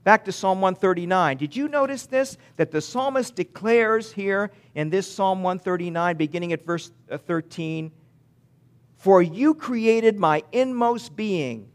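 Man preaching with dramatic loud-soft swings. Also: high voice, animated. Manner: emphatic, with sudden swings between loud and hushed delivery; reads scripture slowly and deliberately. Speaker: pastor. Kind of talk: sermon.

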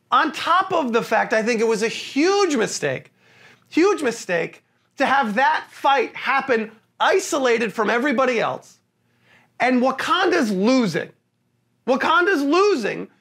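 A man co-hosting a casual film review podcast, ranting with profanity, laughing through his complaints and mocking the characters in quick put-on lines. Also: very high voice, gravelly, fairly bright tone. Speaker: podcast co-host.

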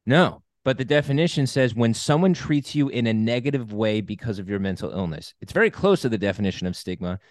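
A man's voice: medium pitch, animated, a little fast, few pauses, no echo, clean studio sound. A man co-hosting a casual podcast, upbeat and talking at length to explain ideas. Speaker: podcast co-host.

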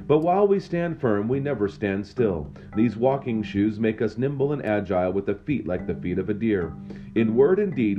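A man giving a daily devotional and reading scripture aloud, measured and slowing at the end of each reading. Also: fairly low pitch. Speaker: devotional speaker. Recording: dull lo-fi recording with faint guitar. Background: soft guitar music.

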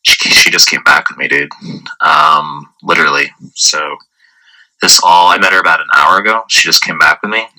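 A man talks in a deep, low register with a very bright, cutting edge to his tone. He rambles casually through a voice message, swearing freely and leaning on filler words. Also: fairly even intonation, normal speed, low-quality recording. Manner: profane, rambling, heavy use of filler words. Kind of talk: casual storytelling.

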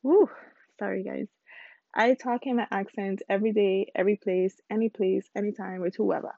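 Creaky-voiced young woman chatting casually. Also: mid-range voice, little pitch movement, brisk, no room sound, phone-quality sound. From Caribbean background, lives in Houston. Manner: chatty, candid, rambling with fillers. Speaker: podcast host. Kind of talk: casual solo podcast chat.

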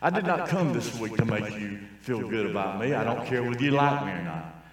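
Man, older, preaching, folksy, loud then quiet, distant mic, big church reverb. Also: medium pitch, lively intonation, fairly quick. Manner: raw, folksy preaching that swings from quiet asides to shouting. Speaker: traveling preacher. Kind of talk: sermon. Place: large church hall.

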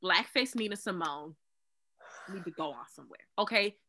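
A woman's voice: lowish voice, animated, moderate pace, pushed and bright, rough recording. A woman co-hosting a podcast, chatting casually in a playful, slangy way. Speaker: podcast co-host. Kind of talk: casual chat.

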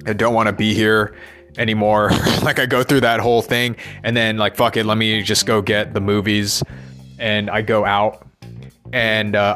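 A man's voice: on the low side, a bit bright. A man thinking aloud in a rambling personal monologue, restless and swearing as he questions himself.

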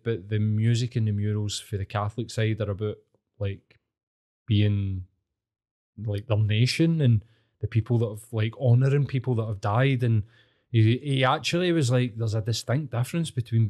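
Scottish guy, thirties, loose casual chat host, heavy swearing, animated storyteller. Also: mid-range voice. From Scotland.

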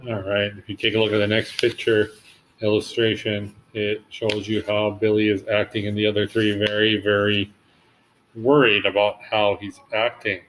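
A male teacher speaks casually to his class, guiding them through a book and their assignments. His voice sits a little low. His manner is encouraging and relaxed. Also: normal speed, slight background noise. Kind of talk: online class read-along.

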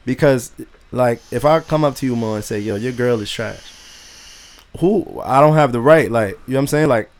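A young man speaks at an ordinary middle pitch in a casual podcast chat. He stays earnest and laid-back and lays out his view at length. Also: a little fast. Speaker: podcast co-host.

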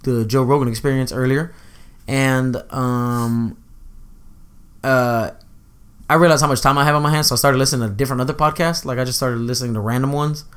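A man's voice: mid-range voice, steady tone, fairly quick, a bit bright, clear, resonant tone. Laid-back young man, casual podcast. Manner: loose and profane, laughs often, acts out movie quotes. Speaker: podcast host.

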